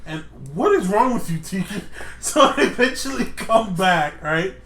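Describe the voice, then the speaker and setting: A man's voice: sits high, expressive, a little slow, fairly bright tone, a little hiss or hum. A young man co-hosting a podcast, telling an embarrassing story in casual chat and laughing as he goes. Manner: laughs through his own stories. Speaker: podcast co-host. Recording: echoey room.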